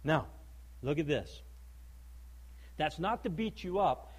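A male preacher giving a sermon, emphatic and full of rhetorical questions, swinging between loud declaiming and low, quiet stress. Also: expressive, slow pace, husky, low-quality recording.

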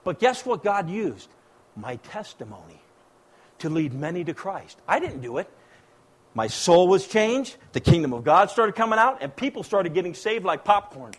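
A middle-aged man from the United States preaching a sermon, swinging between loud exhortation and hushed, quiet passages. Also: high-pitched, big pitch swings, normal speed. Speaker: pastor.

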